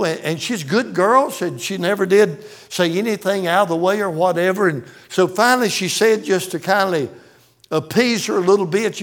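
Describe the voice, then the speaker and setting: An older man, a pastor, telling stories in a sermon in a folksy way, often stumbling over and repeating words. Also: high-pitched.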